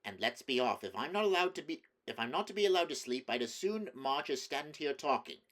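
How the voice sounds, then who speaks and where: Grumpy tired dwarf fella, snapping out fast complaints, a guy reading doing the voice. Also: medium pitch, expressive, a bit bright, pitched above the performer's own voice, lightly acted. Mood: impatient. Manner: gruff, impatient, quick bursts. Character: grumbling weary male dwarf soldier.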